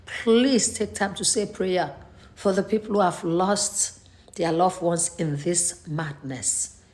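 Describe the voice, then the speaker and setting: A woman from Nigeria hosting a faith live stream, talking in an earnest, pleading and halting way while grieving and stressed. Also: lowish voice, a little mellow. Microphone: computer mic.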